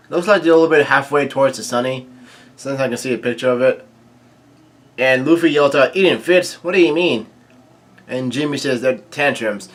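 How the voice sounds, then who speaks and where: A man casually reading a comic chapter aloud, quoting lines and adding his own quick asides. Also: medium pitch, a bit bright. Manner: reads quoted lines aloud with brief reactions and asides, many fillers. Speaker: manga reading commentator.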